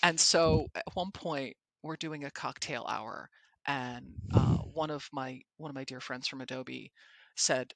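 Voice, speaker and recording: Podcast host, woman; animated storyteller, bright tone, dry close sound. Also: very deep voice, unhurried, gravelly, no room sound. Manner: animated storyteller who acts out quotes. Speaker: podcast host and presentation coach. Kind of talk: casual podcast chat.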